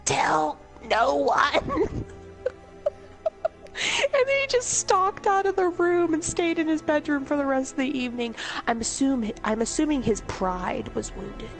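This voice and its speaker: A woman's voice: high-pitched, expressive, moderate pace, soft background music. A woman telling comedic stories in a casual, rambling way, laughing often and swearing freely. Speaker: storyteller host.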